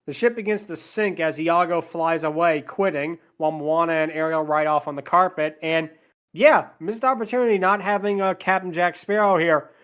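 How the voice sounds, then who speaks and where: A man's voice: fairly high pitch, normal speed, fairly bright tone, clear, resonant tone. A man hosting a podcast, walking through a movie's plot scene by scene and dropping sarcastic asides. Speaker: podcast host.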